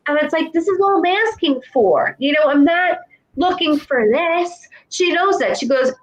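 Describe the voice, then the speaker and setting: A woman's voice: high voice, lively intonation, normal speed, low-quality recording. A woman clairvoyant giving a psychic reading, talking earnestly and repeating herself as she passes on messages. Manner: earnest, repetitive, relays quotes from the dead.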